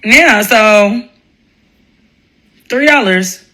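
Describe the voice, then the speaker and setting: A woman hosting a live stream, telling a profane story in a blunt, animated way and laughing often. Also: medium pitch, extremely slow.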